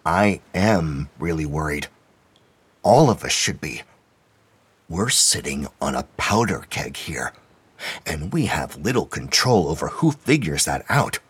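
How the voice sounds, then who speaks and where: Male narrator for an audio drama, low and a touch husky, steady delivery. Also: dry recording. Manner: steady storytelling, voices characters lightly.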